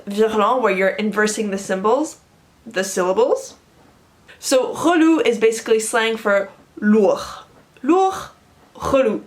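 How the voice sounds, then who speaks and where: A young woman with a North American accent, explaining slang in a casual, emphatic vlog. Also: a little high. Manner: enthusiastic, emphatic, lots of fillers. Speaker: language vlogger.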